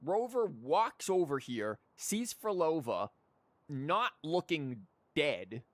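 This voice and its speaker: A man's voice: on the high side, sing-song, slow. A young man giving live game commentary in a sarcastic, rambling, profane way. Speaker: game streamer.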